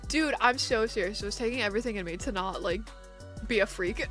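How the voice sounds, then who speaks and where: A young woman streaming and chatting casually with viewers, animated and rambling, laughing often. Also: fairly high pitch, fast, faint music behind.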